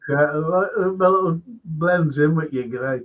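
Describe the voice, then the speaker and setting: A man's voice: a little high, a little slow. A man hosting a livestream, chatting casually and telling rambling anecdotes with many restarts. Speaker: livestream host. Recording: dull lo-fi stream audio.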